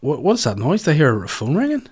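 A man hosting a podcast in casual chat, rambling and animated, swearing freely and going off on tangents. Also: on the high side, quick pace, breathy edge. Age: adult, has children. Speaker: podcast host.

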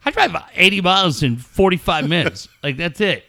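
A man's voice: high-pitched, animated, moderate pace, gravelly, bright, forceful tone, no room sound. A middle-aged man co-hosting a casual podcast, swearing freely and riffing jokes. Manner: profane, joking, riffing. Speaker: co-host.

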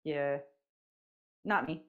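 Low-voiced woman hosting a casual chat. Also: extremely slow, a bit bright. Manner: teasing, playful. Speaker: podcast host, interviewer. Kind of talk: casual chat, asking questions.

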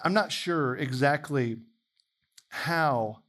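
A man preaching a sermon in a conversational, animated way, imagining dialogue aloud. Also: a little high, slow pace.

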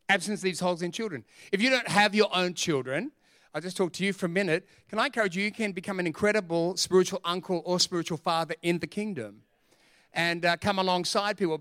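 A middle-aged man, preaching a sermon as pastor in an energetic, joking, emphatic way. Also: high-pitched, clear, resonant tone, no room sound, studio quality.

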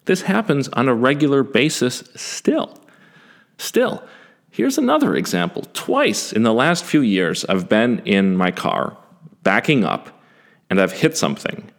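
A man in his forties telling a first-person story in a self-deprecating, animated way, with some swearing. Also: mid-range voice, unhurried. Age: 40s.

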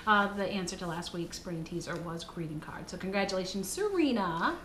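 A woman's voice: lowish voice, lively intonation, fairly quick, fairly bright tone. A woman co-hosting a podcast in casual chat, playful and giggly, with many fillers. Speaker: podcast co-host. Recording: roomy echo, faint hiss.

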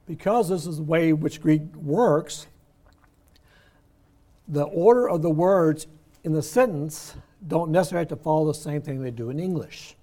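Older guy teaching bible class, kinda high but mellow voice, chatty, slows down to stress words. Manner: conversational, explains words slowly with emphasis. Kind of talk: Bible study lesson.

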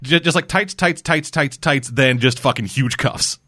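A man in casual chat, animated and exasperated, swearing freely. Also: mid-range voice, normal speed. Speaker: podcast co-host.

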